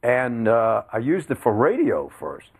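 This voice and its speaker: A man's voice: medium pitch, unhurried, husky. An older man, a veteran sportscaster, telling anecdotes as a guest and acting out quotes. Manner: lively storyteller, acts out quotes. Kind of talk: anecdotal storytelling.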